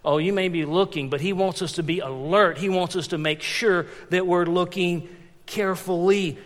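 High-pitched male pastor, lively storytelling sermon, long church-hall reverb. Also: normal speed. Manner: animated, storytelling with frequent restarts and repetitions.

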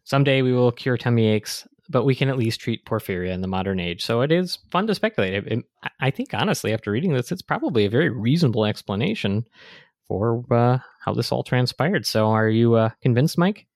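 A man's voice: medium pitch, lively intonation, brisk, a little mellow, no echo, studio quality. A man hosting a podcast, chatting casually and explaining medical matters in a thoughtful way. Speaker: podcast host. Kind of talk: casual chat.

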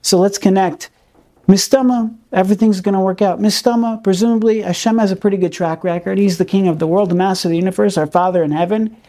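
A man gives a Torah class in a mellow, soft-edged voice. He is earnest and emphatic, and he leans on key words by repeating them. His talk is full of Hebrew terms. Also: sits high, fairly even intonation, fast, few pauses. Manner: peppers speech with Hebrew terms. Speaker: Torah teacher.

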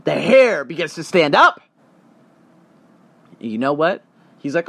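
A man's voice: fairly high pitch, moderate pace, creaky, pauses often, no echo. A young adult man hosting a podcast, telling a story as a casual, profane rant and acting out the other people in it. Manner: animated, profane, acts out other people's voices. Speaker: podcast host.

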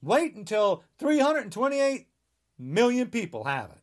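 A man's voice: very high-pitched, very animated, unhurried. A man in his sixties delivering a heated, rambling podcast monologue, emphatic and full of restarts. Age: 60s. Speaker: podcast guest.

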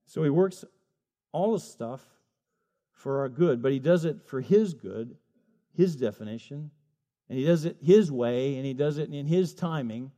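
Male pastor, middle-aged, slightly high voice; sermon delivery, storytelling, emphatic repeats. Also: a little slow, mellow.

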